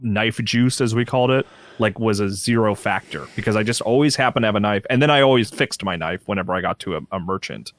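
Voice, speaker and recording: A man's voice: lowish voice, fast, dry recording. A man co-hosting a casual game podcast, laid-back and rambling. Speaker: podcast co-host. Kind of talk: casual chat.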